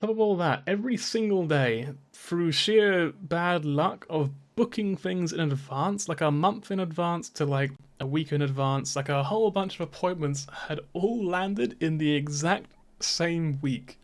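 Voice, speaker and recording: Animated, high-voiced swearing streamer man. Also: unhurried. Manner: rambling, swears often, laughs through stories. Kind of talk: casual stream chat. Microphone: dynamic microphone.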